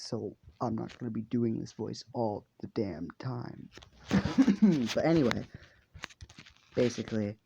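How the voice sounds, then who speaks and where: A man's voice: medium pitch, vocal fry, dark tone, slightly rough. A man telling a fan story casually, rambling and swearing with lots of fillers. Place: hot room indoors. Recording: dull lo-fi home recording.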